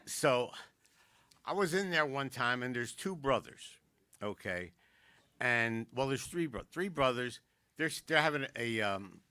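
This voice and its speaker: A man doing a stand-up comedy set, telling jokes with quick wisecracks and asides. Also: mid-range voice, pushed and bright, dry recording. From South Philadelphia. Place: community arts center.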